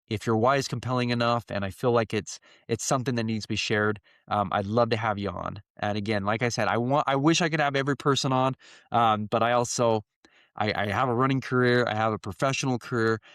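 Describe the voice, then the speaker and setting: A man's voice: lowish voice, fairly bright tone, smooth, no room sound, studio quality. A man in his thirties hosting a podcast in a casual solo monologue, talking earnestly and rambling with many fillers. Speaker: podcast host.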